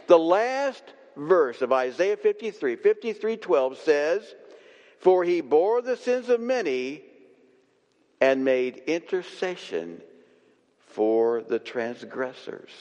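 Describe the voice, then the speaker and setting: Slow, lively-voiced preacher in a reverberant church. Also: male voice, a little high. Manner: slow, emphatic preaching with long pauses and repeated refrains. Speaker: pastor. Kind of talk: sermon. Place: church sanctuary. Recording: long reverb of a church hall.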